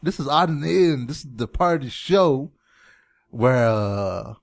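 A man's voice: medium pitch, animated, a little slow, gravelly, no echo. A man co-hosting a casual chat show, easygoing and joking, often restarting his sentences. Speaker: co-host.

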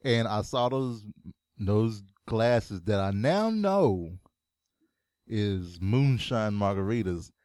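A man's voice: lowish voice, animated, takes it slowly, a little mellow, no echo, clean studio sound. A man co-hosting a live-streamed show, chatting casually and rambling with plenty of fillers and restarts. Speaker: show co-host.

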